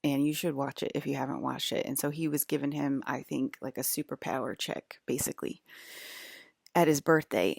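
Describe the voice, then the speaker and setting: A low-pitched woman with a gravelly, creaky voice talks straight to her audience. She drifts from one thought to the next, stopping and restarting sentences. The sound is dry and close. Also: moderate pace, a little mellow, no room sound. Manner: rambling, restarts, drifts between topics. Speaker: broadcaster. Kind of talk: rambling monologue to viewers.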